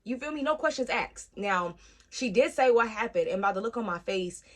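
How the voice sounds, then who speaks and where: Young woman vlogger, casual storytime, lively and foul-mouthed, acts out the voices in her story. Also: fairly high pitch, moderate pace. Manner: animated, profane, acts out quoted voices.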